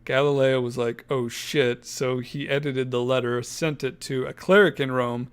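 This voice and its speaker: A man's voice: mid-range voice, steady tone, normal speed, clean tone. A man co-hosting a podcast, reading from his notes in a casual, joking way and laughing mid-sentence. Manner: jokey, self-deprecating, laughs mid-sentence. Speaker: podcast co-host.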